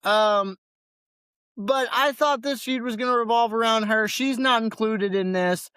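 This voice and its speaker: A man's voice: sits high, unhurried, pushed and bright, smooth, no room sound. A man co-hosting a casual wrestling podcast in a loose, laid-back way, often repeating words as he talks. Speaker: podcast co-host.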